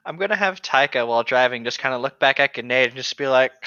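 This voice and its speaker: A man's voice: mid-range voice, expressive, normal speed, bright, forceful tone, no echo. A man playing a tabletop role-playing game, chatting casually and laughing often. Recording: dry, dull lo-fi mic.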